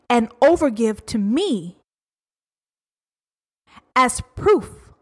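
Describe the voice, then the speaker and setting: A woman with a fairly high voice rants on her own podcast. She is blunt and swears freely. She drags out key words and aims them straight at her listeners. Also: fairly bright tone. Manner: blunt, profane, emphatic and drawn-out. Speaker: podcast host. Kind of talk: uncensored solo podcast rant.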